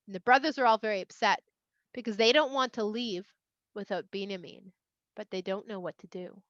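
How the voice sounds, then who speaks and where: Female storyteller for children; chatty, expressive, bright, dry recording. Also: medium pitch, brisk, dry recording, muffled recording. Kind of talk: casual storytelling for kids.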